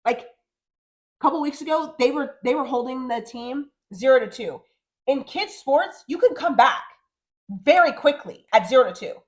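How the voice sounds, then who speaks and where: A woman in her thirties co-hosting a podcast, chatting casually and animatedly, often acting out what others said. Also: high-pitched. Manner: animated, talks fast and acts out quotes. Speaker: podcast co-host. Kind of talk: casual chat.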